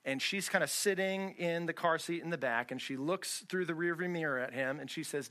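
A man preaches a sermon in a church, talking to the congregation in a loose, conversational way and leaning on rhetorical questions. His voice sits somewhat high for a man. It is bright and forceful in tone. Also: normal speed, few pauses. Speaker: pastor.

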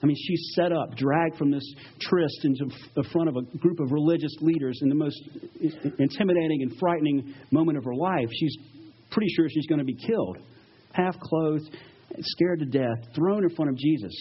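A male pastor preaching a sermon, retelling stories with lively acted-out quotes. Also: on the high side, moderate pace, slightly rough, highs cut off. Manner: animated storytelling, acts out quoted voices.

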